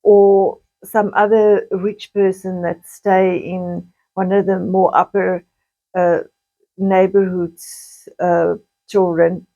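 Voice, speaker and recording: A middle-aged woman, slowly recounting painful childhood memories in a halting personal monologue. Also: on the low side, level tone, warm tone, muffled recording. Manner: slow, halting, with frequent restarts and pauses.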